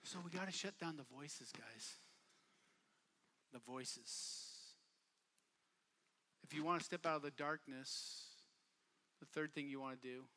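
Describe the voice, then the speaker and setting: A man preaching a sermon at a youth camp, casual and repetitive, building from quiet talk to shouting bursts. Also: on the high side, a little slow, pauses often. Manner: casual, repeats phrases for emphasis. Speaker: youth pastor. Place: camp meeting hall.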